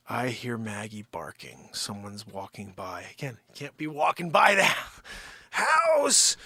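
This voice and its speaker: A man's voice: fairly high pitch, fairly bright tone, dry recording. A man hosting a live daily stream, chatting casually and joking as he tells a story and talks to his dogs. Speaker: livestream host.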